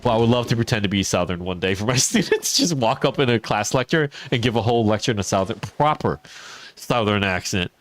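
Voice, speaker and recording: Chatty male streamer with lively pitch. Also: fairly quick. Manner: chatty, laughs often, reads and answers chat. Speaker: teacher. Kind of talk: casual live-stream chat while gaming.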